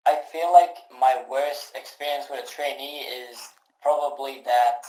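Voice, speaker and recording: A speaker answering slowly and hesitantly in casual podcast chat. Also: mid-range voice, mellow. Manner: slow, hesitant, with fillers. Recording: echoey room.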